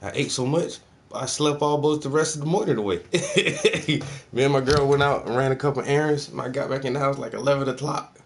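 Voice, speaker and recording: A man's voice: mid-range voice, brisk, a little hiss or hum. A man from South Carolina chatting casually for his vlog at home, loose and profane, laughing often. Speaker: vlogger. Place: indoors at home.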